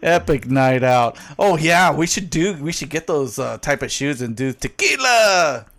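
Joking man with a slightly high voice. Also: very animated, unhurried, a bit bright. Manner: joking, teasing, playful banter. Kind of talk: casual chat.

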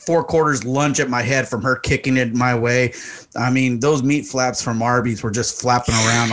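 A man's voice: medium pitch, moderate pace, fairly bright tone. A man telling crude, rambling, joking stories in a casual podcast chat. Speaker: storyteller.

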